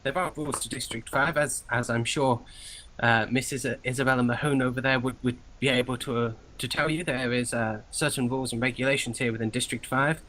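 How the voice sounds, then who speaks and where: A man's voice: mid-range voice, fairly even intonation, brisk, a bit bright, lightly acted, low-quality recording. A man voicing a nervous, overly polite male information clerk who stammers and apologizes. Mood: officious.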